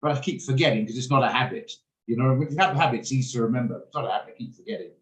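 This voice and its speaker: A man hosts an online trading session at a very fast clip, his voice pitched in the middle range. The talk is casual, blunt and prone to off-topic rambling, and the video call leaves a roomy echo.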